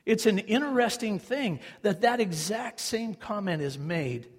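A male preacher delivers a sermon in a high, husky voice. He is emphatic, dropping to hushed asides and rising to fervent, repeated insistence. A long hall reverb trails every phrase. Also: expressive, a little slow. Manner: emphatic, with sudden swings from hushed to raised and fervent.

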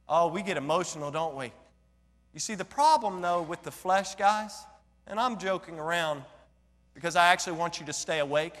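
A male pastor preaching a sermon in an animated way, joking and asking the congregation rhetorical questions. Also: a little high, normal speed, in a large hall.

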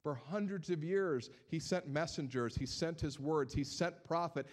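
A man preaching a sermon as pastor. His voice sits a little high for a man. He tells stories in an animated way and repeats words as he builds toward a point. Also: moderate pace, few pauses.

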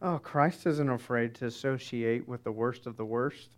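A pastor preaching a sermon, emphatic, with dramatic soft pauses. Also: male voice, medium pitch.

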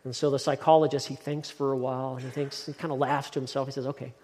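A man's voice: mid-range voice, little pitch movement, quick pace, darkish tone. A man preaching a sermon as pastor, emphatic, often repeating words as he builds his point. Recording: long hall reverb.

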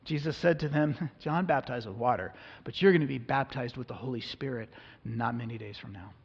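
A man's voice: mid-range voice, fairly even intonation, fairly quick, gravelly, husky. A man preaching a sermon in a church, reading scripture and explaining it in an earnest, conversational way. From United States. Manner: earnest, conversational, acts out the people in the passage. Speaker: pastor. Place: church sanctuary. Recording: long hall reverb, dull lo-fi sound.

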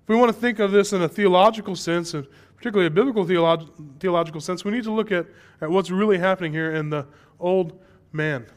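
A man's voice: sits high, brisk. A young adult man preaching a sermon, candid and conversational, rising into emphatic stretches.

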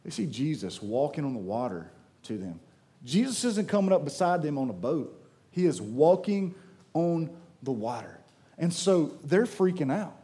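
A young man preaching a sermon in an animated, conversational way, acting out the voices of the people in his stories. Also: on the high side, moderate pace. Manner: animated, conversational, acts out quotes.

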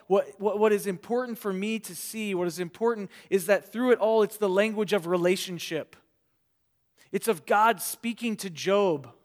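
A pastor with a high-pitched voice delivers an earnest sermon. His delivery rises to loud emphasis and then sinks to quiet, trailing phrases. He often restarts with repeated words.

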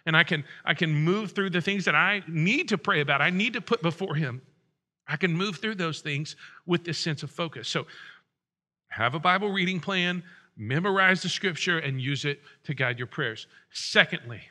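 A man's voice: a little high, normal speed, pushed and bright. A middle-aged man preaching a sermon as pastor, conversational and joking with his congregation.

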